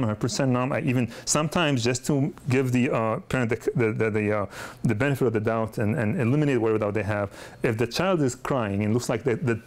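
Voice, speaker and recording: A man's voice: medium pitch, a little mellow. A middle-aged man, a pediatric dentist, gives a lecture full of personal stories, talking conversationally with frequent restarts and repeated words. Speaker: pediatric dentist teaching a course.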